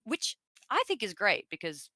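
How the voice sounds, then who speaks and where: A woman's voice: medium pitch, wildly swooping pitch, normal speed, sharp tone, no echo. An Australian woman guest in a casual interview chat, rambling and filling her talk with asides. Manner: chatty and rambling, with many fillers and asides. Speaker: voice actress guest.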